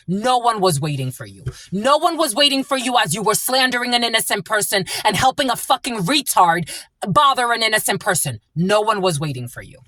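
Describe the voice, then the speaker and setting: A woman's voice: medium pitch, sing-song, a little fast, fairly bright tone, dry recording. Profane, blunt woman reading tarot. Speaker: tarot reader. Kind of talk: angry spiritual tarot reading.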